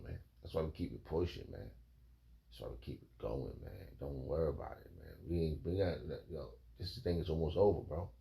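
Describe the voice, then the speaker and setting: A man's voice: very deep voice, vocal fry, warm tone. A man preaching in a rambling, emphatic way, reading scripture and calling his listeners "man" and "bro". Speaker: informal preacher.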